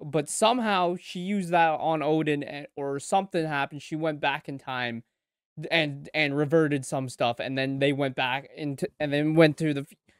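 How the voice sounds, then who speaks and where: A man hosting an anime reaction video, talking casually and excitedly, swearing and stammering as he swings from mumbles to loud outbursts. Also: on the high side, moderate pace, clean tone, no room sound, studio quality. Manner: swears, stammers and repeats words.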